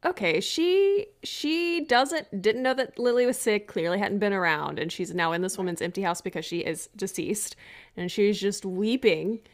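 A woman co-hosting a casual podcast, ranting in an animated way and swearing freely. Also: mid-range voice, moderate pace. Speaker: podcast co-host. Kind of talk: casual movie recap chat.

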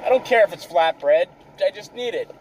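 A man's voice: high-pitched, expressive, brisk, darkish tone, distant mic, a little hiss or hum, poor audio. A man telling a comic story in a rambling, exasperated way, swearing constantly.

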